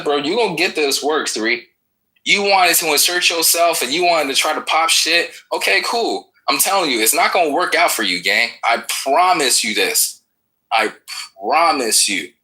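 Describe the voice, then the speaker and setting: A man with a very bright, slightly high voice fires off taunts and threats in an online voice room. His delivery is heated and profane, full of "bro" and repeated jabs. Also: low-quality recording. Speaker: chat room speaker. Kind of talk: heated trash talk in an online audio room.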